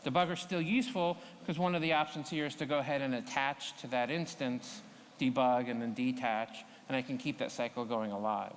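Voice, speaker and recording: A man's voice: medium pitch, a little fast, big-room sound, slight background noise. Man giving a conference coding talk. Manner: relaxed, explanatory, addresses the audience directly. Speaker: conference speaker. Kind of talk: live coding demo talk. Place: conference hall.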